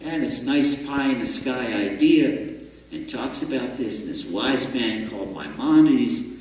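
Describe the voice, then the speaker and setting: A man's voice: medium pitch, a little slow, a bit bright. A man, a rabbi, giving a storytelling sermon and acting out the voices of the people in his story. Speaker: rabbi lecturing. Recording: echoey hall, mic far off.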